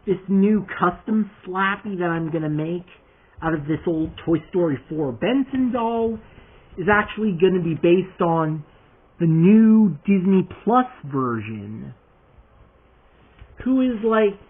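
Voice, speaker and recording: A man's voice: high-pitched, expressive, slow pace, husky. A man with a lisp, feeling under the weather, chatting casually in a rambling vlog about customizing a toy figure. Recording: tinny phone-like audio.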